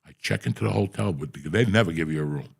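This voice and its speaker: Gravelly, husky man telling profane stories. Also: sits low, fast. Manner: profane, animated storyteller. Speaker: podcast host. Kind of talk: casual storytelling.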